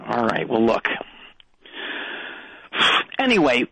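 A man playing a rambling middle-aged baseball coach who talks with confident wrongness, halting and restarting often. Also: mid-range voice, sing-song, gravelly, fairly bright tone, no echo, full character voice, rough recording. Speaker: minor league coach. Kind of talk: comedy call-in bit.

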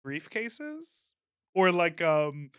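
A man's voice: high voice, very animated, extremely slow, fairly bright tone, smooth, dry recording, clean studio sound. A man co-hosting a podcast, chatting casually and laughing easily. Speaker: podcast co-host. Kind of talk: casual chat.

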